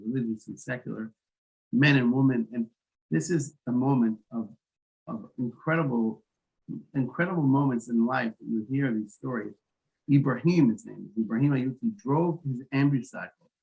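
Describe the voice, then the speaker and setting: A man with a gravelly, creaky voice at an average pitch recounts a story as an interview guest. His delivery is halting and full of restarts and repeated words. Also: poor audio. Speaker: guest, founder of an emergency medical volunteer group.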